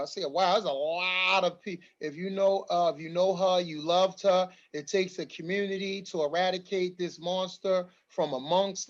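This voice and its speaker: A man's voice: sits high, muffled recording. A man hosting a community forum over a video call, emotional and rallying, repeating his phrases for emphasis. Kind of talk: livestreamed community meeting.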